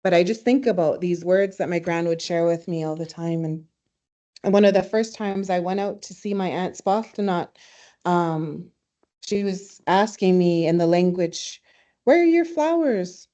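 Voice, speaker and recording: A woman teaching a language in a webinar, speaking warmly and reflectively, telling stories and laughing easily. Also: fairly low pitch, steady tone, moderate pace. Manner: warm, storytelling, laughs easily. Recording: slightly dull webinar audio.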